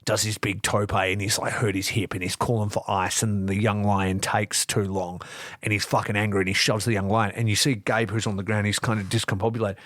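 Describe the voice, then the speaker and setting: A man's voice: on the low side, fairly quick, no room sound, clean studio sound. A man co-hosting a wrestling podcast, telling stories in a loose, profane style and acting out quotes. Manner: animated, profane storytelling with acted-out quotes. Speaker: podcast co-host. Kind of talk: casual wrestling review chat.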